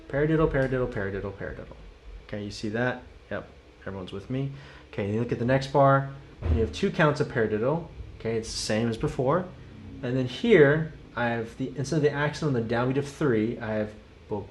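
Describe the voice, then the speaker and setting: A man's voice: mid-range voice, slight background noise. A man teaching a live-streamed drum lesson. He talks through rhythms by chanting the sticking in syllables, casually and encouragingly, and chats with viewers.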